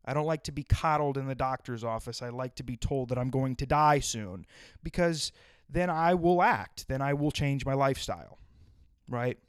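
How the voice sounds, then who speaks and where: A man's voice: medium pitch, moderate pace, clear, resonant tone, no echo, studio quality. A man hosting a podcast, talking in a blunt, provocative, rambling way in a casual monologue. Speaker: podcast host. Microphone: close podcast microphone.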